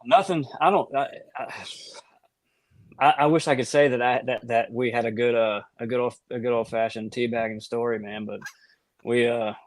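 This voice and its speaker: A man's voice: medium pitch, fairly even intonation, moderate pace, dry recording. A man telling old barracks stories on a podcast, stumbling over his words and laughing as he goes. He sounds dry and close to the mic, with no room around him. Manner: rambling with many restarts and laughs. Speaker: podcast co-host. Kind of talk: casual storytelling chat.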